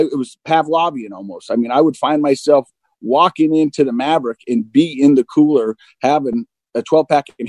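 A man in his forties with a dark, mellow tone, talking candidly as an interview guest. He is frank and self-deprecating and voices the other people in his story himself. The sound is dry and close, with little room reflection. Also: mid-range voice, no echo, rough recording. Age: 40s. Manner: open and self-deprecating, acts out both sides of dialogue. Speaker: guest recounting recovery.

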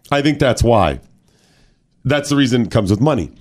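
A man hosting a morning radio talk show, chatting casually and telling stories with animated, drawn-out words. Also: medium pitch. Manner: animated storyteller, stretches words for effect. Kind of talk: casual chat.

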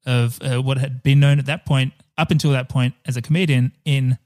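Co-hosting a laid-back film podcast, this man speaks a little fast in a steady, mid-range, slightly mellow voice. His chat is jokey, sprinkled with swearing and wandering tangents.

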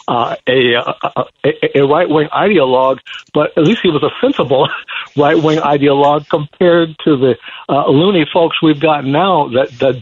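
An older man, a newspaper columnist, speaking as a guest in a radio interview, halting with many fillers and restarts. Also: on the high side, breathy edge. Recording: dull lo-fi radio sound with faint noise.

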